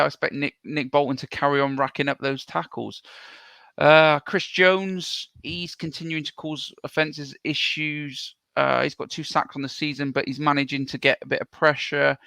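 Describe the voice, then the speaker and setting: A man co-hosting a sports podcast in casual chat, rambling with many ums and restarts, blunt and quick to swear. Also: mid-range voice, vocal fry, pushed and bright, clear, resonant tone, no room sound. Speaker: co-host.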